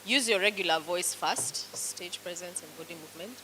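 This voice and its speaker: A woman with a lowish, sharp voice and a Kenyan accent coaches a public speaking class, encouraging students through exercises in slow, instructive commands. The audio is poor, with a little hiss or hum.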